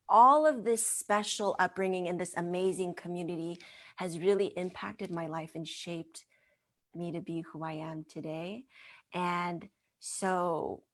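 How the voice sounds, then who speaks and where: A woman with a somewhat low voice tells a story in a gentle, earnest manner. She speaks as a guest in an interview and draws on her work as a mind-body wellness trainer.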